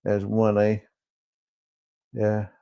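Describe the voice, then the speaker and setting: A man's voice: on the low side, monotone, extremely slow, gravelly, warm tone, smooth, dry recording. A man, co-hosting a casual comedy podcast, joking and agreeing a lot. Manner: jokey, agreeable, many yeahs. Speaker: podcast co-host.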